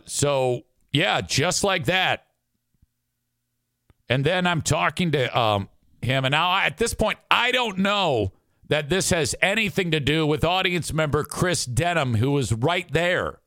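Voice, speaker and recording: A man's voice: a little high, a little slow, dry recording, clean studio sound. A man hosting a radio show, telling a casual story and acting out the people he quotes, with some swearing. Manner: animated, acts out quoted people with shifting voices.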